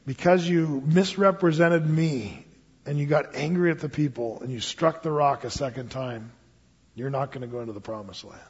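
A man voicing the Lord as a calm, stern divine figure, speaking low and hushed in a sermon retelling. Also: moderate pace, husky. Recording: dull lo-fi sound with long hall reverb.

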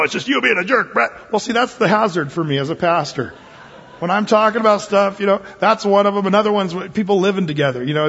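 A man preaches in a folksy, plain-spoken way, restarting his sentences and repeating words. His voice is high and somewhat husky. It echoes with a long reverb and sounds dull and lo-fi. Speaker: pastor. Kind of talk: conversational sermon.

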